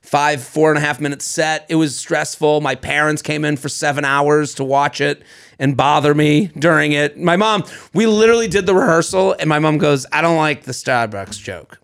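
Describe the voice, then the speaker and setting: A man co-hosting a casual podcast chat, joking and rambling, with a gravelly, creaky edge to his voice. He sits a little higher than most men. His comedian's timing shows as he slides into silly bits. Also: steady tone, normal speed, fairly bright tone. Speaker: podcast co-host and stand-up comedian.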